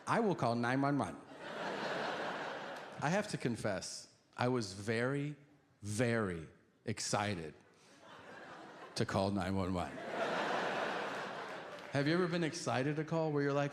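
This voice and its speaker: A male stand-up comedian telling a story on stage in a deadpan way, acting out the people he quotes. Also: medium pitch, takes it slowly, pauses often. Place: comedy stage before a live audience. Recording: live show with noisy audience ambience.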